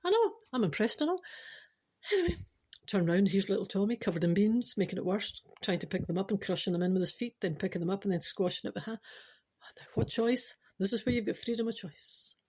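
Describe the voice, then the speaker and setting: A woman's voice: mid-range voice, expressive, fairly quick, a little mellow, breathy edge. A Scottish woman in her forties telling a rambling comic story, chatty and self-interrupting, often adding "I know" and ad-libbing. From Scotland. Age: 40s. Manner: chatty, keeps saying "I know", ad-libs and digresses.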